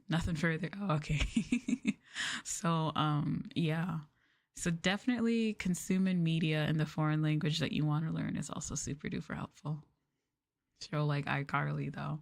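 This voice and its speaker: Young woman streamer, soft ASMR chat, lower-pitched voice, giggly and chatty, close mic. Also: measured pace, dry recording. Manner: chatty, giggly, lots of fillers. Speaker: VTuber streamer.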